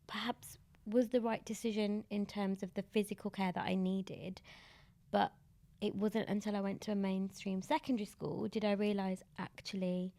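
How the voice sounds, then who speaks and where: A British woman in her thirties, a guest in an interview, telling personal stories in a candid, animated way and laughing often. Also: medium pitch, normal speed, gravelly. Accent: British English. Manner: warm storytelling, laughs often. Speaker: guest, disability activist.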